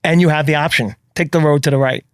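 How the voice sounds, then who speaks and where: A man's voice: on the high side, fast talker, no echo, studio quality. A man with a New York accent, a podcast guest telling his story in earnest, blunt, emphatic chat. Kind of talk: casual storytelling.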